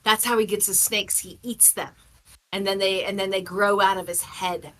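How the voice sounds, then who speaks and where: A woman's voice: medium pitch, steady tone, normal speed, pushed and bright, poor audio. A woman player at a tabletop game, playful and giggly, hesitant with fillers. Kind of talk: casual tabletop play.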